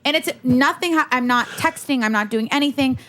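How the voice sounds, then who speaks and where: A young woman guesting on a podcast, chatting casually and telling quick, bubbly stories in which she acts out other people's lines. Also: sits high, a bit bright. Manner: bubbly, fast storyteller who acts out voices. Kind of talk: casual chat.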